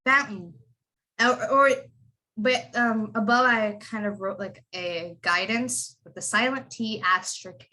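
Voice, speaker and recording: A woman leads an online accent lesson over a video call. Her voice is bright and sits a little high. She repeats each word several times and asks her students to echo it back. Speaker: accent tutor.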